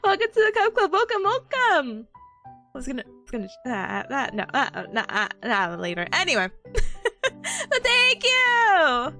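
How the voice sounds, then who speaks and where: A woman's voice: sits high, lively intonation, brisk, a bit bright, faint music behind. A young woman streaming as a VTuber, chatting casually with her chat, giggly and bubbly, talking with a smile.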